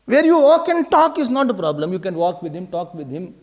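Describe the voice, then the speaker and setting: Animated Indian man giving a discourse. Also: high-pitched, a little fast. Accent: Indian English. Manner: animated, mixes in Hindi and Sanskrit terms. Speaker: spiritual teacher. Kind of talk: scriptural discourse.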